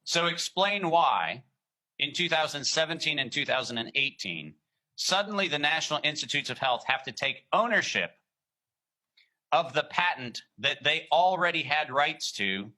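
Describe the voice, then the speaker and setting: A man answering interview questions in an emphatic, deliberate way, slowing down to read quotations carefully. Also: fairly high pitch, animated, bright, forceful tone, low-quality recording. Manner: emphatic, deliberate, reads quotes slowly. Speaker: guest.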